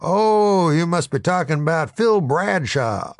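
A man voicing a gruff, loud male tavern barkeep who hollers curtly across the bar, in a comic storybook reading. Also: on the high side, big pitch swings, unhurried, no room sound, clean studio sound, pitched above the performer's own voice.

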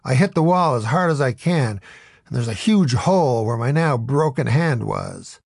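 Man, audiobook narrator, first-person story, wry, gravelly. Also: mid-range voice, huge pitch swings, moderate pace, darkish tone, no echo, clean studio sound.

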